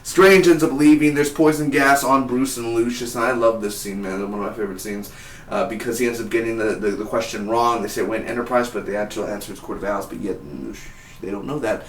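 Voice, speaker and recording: A man reviewing a TV episode in a rambling, excitable way, full of "man" and "like". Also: medium pitch, a little fast, echoey room. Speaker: TV review vlogger.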